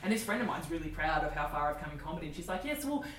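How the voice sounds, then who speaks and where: A low-pitched Australian woman in her forties talks fast and candidly, laughing through her stories. She sounds a little distant from the mic in an echoey room. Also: a bit bright, a little hiss or hum. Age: 40s. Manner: candid, swearing, laughing storyteller. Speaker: comedian guest. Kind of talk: casual storytelling chat.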